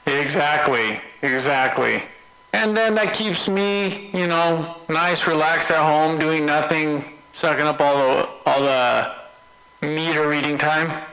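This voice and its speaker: Bright-voiced man chatting on CB radio. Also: fairly high pitch, takes it slowly, creaky. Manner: relaxed, easygoing. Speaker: CB radio operator. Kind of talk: casual radio chat. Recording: echoey CB radio transmission.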